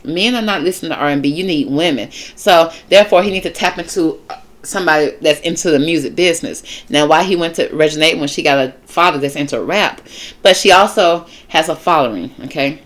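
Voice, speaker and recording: A woman's voice: low voice, fairly quick. A woman host giving a casual, chatty tarot reading, talking straight to her viewers in a sassy way. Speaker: tarot reader and show host.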